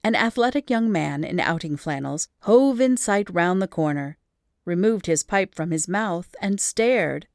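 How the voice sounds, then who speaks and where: A woman reading an old humorous story aloud as an audiobook, lively and expressive in storytelling. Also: fairly low pitch, unhurried, no echo, clean studio sound. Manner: lively storytelling with rising emphasis in action scenes. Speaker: audiobook reader.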